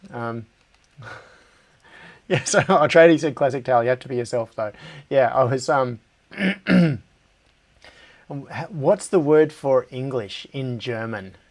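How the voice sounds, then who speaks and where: Australian man, unhurried, distracted, chatty livestream host. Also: mid-range voice, animated. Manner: distracted, laughs often, thinks aloud. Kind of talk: casual live-stream chat while working.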